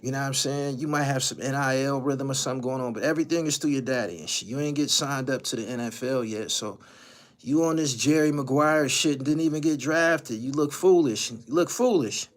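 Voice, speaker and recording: A man's voice: mid-range voice, a little fast. A man hosting a livestream, giving profane, ranting commentary and repeating his lines for emphasis. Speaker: channel host.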